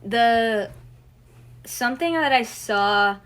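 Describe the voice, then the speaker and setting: A woman's voice: a little high, animated, slow, fairly bright tone, rough recording. Flustered young woman livestreaming. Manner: flustered, loses her train of thought; heavy use of "like" fillers. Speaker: livestream host. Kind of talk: casual livestream chat.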